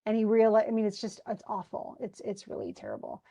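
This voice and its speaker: A woman's voice: mid-range voice, very animated, brisk, vocal fry, warm tone. Chatty woman teacher retelling a play. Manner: chatty, restarts often, wistful about the tragedy. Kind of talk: casual lecture retelling a play.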